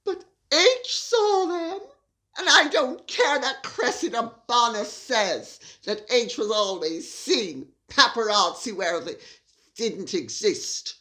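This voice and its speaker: A woman doing a mocking impression of a vain, self-pitying woman of status, whining in a high, quavering, half-crying voice. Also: sing-song, slow, bright, forceful tone, heavily acted. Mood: smug. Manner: mocking parody, overdramatic whining.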